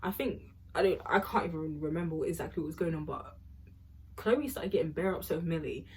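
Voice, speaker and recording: A woman's voice: deep voice, brisk, darkish tone, husky. A young woman, telling a rambling storytime vlog full of fillers. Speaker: vlogger.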